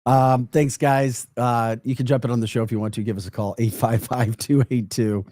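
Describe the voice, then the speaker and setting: A man with a St. Louis accent hosting a morning radio show, energetic and rambling, laughing often. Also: medium pitch, normal speed, no room sound, clean studio sound. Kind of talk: casual talk radio. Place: radio studio.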